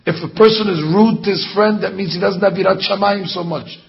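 A man giving a rabbi's sermon to a congregation, talking in an animated way and firing off mocking rhetorical questions. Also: high voice, a little fast, vocal fry. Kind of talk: Torah class sermon. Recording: dull lo-fi sound.

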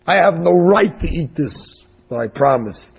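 A man voicing a frantic, guilt-stricken penitent who shouts his self-reproach in a raspy voice. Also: on the high side, animated, measured pace, long reverb tail, lo-fi sound, voice pushed up, heavily acted. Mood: guilt-ridden. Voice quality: raspy, gravelly. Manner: shouting, anguished.

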